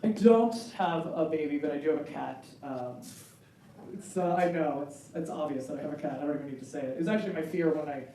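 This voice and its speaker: A woman in her forties doing a stand-up comedy set on a club stage, talking in an animated way and acting out bits in high, excited voices. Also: quick pace, a little hiss or hum. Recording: roomy club sound from a distance with a loud crowd.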